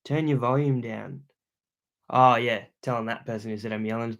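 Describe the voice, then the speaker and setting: A young adult man with an Australian accent, chatting loudly and casually on a livestream as he reads out viewer comments, full of slang. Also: mid-range voice, fairly even intonation, normal speed, creaky. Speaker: YouTuber hosting a livestream.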